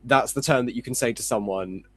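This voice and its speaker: A man's voice: mid-range voice, a little fast, a bit bright. A man appearing as a guest illustrator on a podcast, speaking casually with self-deprecating, rambling humour and jokey asides.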